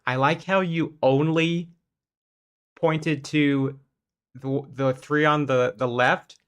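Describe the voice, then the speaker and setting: A man's voice: on the high side, fairly even intonation, takes it slowly, a bit bright, smooth. A man hosting a casual debunking commentary in an exasperated, conversational way. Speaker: host.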